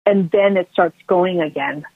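A woman's voice: lowish voice, unhurried, slightly rough, no room sound. A woman telling a personal story as an interview guest, rambling with frequent restarts and filler words. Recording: tinny phone line, dry.

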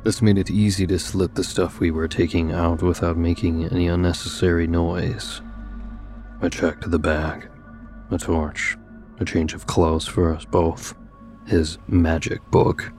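A male storyteller with an extremely deep, low voice, reading a first-person tale in a steady, measured way. Soft music plays faintly underneath. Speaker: narrator. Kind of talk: scripted story narration.

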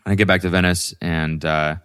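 Man in his twenties, low voice, casual solo podcast, rambling and profane, lots of fillers. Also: steady tone, fairly quick, a bit bright, clear, resonant tone. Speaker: podcast host.

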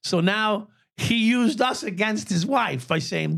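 A man's voice: high voice, very animated, normal speed, vocal fry, few pauses, fairly bright tone, no echo, studio quality. A man in his sixties, a former police officer, telling stories as a podcast guest, swearing freely and laughing at his own tales. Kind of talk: profane storytelling in an interview.

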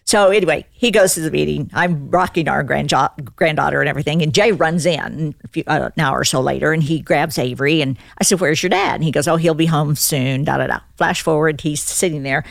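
Older woman, low voice with gravelly fry, lively storytelling, dry close sound. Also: brisk, few pauses, no room sound. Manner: animated, acts out quoted lines in the story. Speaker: guest. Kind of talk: casual storytelling.

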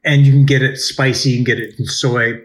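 A man's voice: medium pitch, little pitch movement, a little fast. Joking, playful male podcast host. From United States. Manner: playful, swears casually, jokey. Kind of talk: casual chat.

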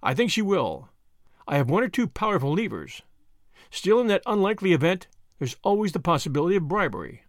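A man voicing a shrewd, measured older lawyer in an audiobook, with a dry, authoritative delivery. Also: high voice, very animated, dry recording, voice pushed up. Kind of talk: audiobook character voice.

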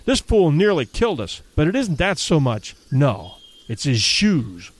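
A man voicing a furious male time-safari guide who barks orders and shouts, his voice leaping high in anger. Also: sing-song, measured pace.

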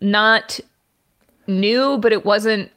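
A woman's voice: medium pitch, steady tone, extremely slow, fairly bright tone, smooth. A woman co-hosting a podcast, talking in a playful, chatty way and poking fun at herself. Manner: playful, chatty, self-mocking. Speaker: podcast co-host. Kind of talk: casual chat.

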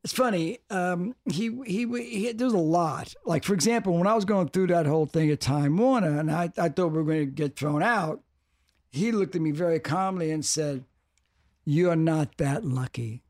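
Older man in casual interview, fairly high voice, halting with repeated words that speed into animated bursts. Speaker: music executive guest.

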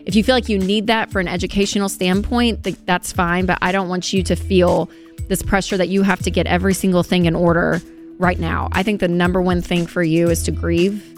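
A woman with a Southern US accent co-hosting a call-in advice show, speaking gently and reassuringly. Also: on the low side. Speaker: co-host giving advice. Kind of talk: radio call-in advice talk.

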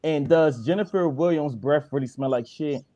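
A man calls in to a talk show, playful and teasing as he asks his questions. His voice is mellow and dark, with a dry, close sound. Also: a little high, normal speed, dry recording, muffled recording. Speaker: caller.

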